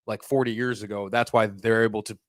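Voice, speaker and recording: A man co-hosting a casual sports podcast, talking in animated run-on stories full of slang and swearing. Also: fairly low pitch, a little fast, no echo, clean studio sound. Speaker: co-host.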